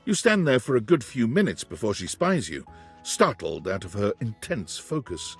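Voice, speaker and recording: A man's voice: mid-range voice, sing-song, normal speed, husky. A man giving wry scripted narration for a game. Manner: wry, descriptive storytelling. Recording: game audio with background music.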